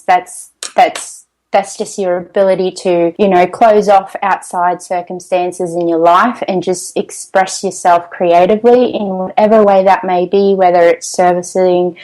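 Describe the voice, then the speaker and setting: Chatty Australian mum as interview guest, laughs easily, natural restarts. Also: female voice, fairly low pitch, a little mellow, low-quality recording. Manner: chatty, laughs often, many ums and restarts. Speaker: podcast guest.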